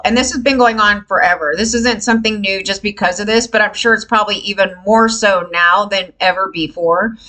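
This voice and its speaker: Fast-ranting bright-voiced woman vlogger. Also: medium pitch, poor audio. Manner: frustrated, animated, swears freely, quotes others in raised voice. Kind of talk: casual ranting to camera.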